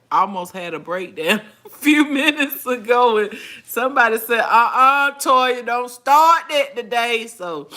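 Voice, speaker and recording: A woman's voice: medium pitch, pushed and bright. A woman in her forties hosting a casual livestream, reading viewer comments aloud and chatting in a folksy way with frequent laughter. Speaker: livestream host.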